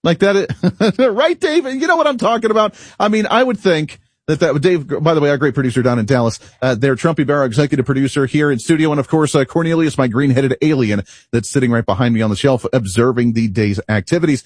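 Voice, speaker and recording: A male talk radio host with a slightly raised pitch and a husky edge to his voice. He sounds dry and close, recorded in a studio. He talks in an animated, rambling way and often laughs at himself. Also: fast, few pauses, dry recording. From United States. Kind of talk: opinionated talk radio monologue.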